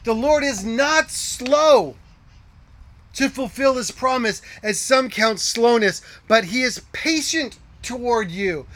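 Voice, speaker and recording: Male pastor, high voice, earnest sermon delivery, hushes for emphasis. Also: lively intonation, slow. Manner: earnest preaching with rhetorical questions, drops to hushed tones.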